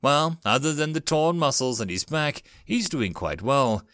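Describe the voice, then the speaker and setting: A man voicing a calm, reassuring female ship's doctor. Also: medium pitch, unhurried, dry recording, clean studio sound.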